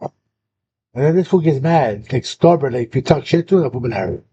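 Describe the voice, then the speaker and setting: A man's voice: expressive, fast, mellow, husky. A young man, hosting a casual chat and telling a story full of slang and swearing. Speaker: host. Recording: dull lo-fi sound with faint rumble.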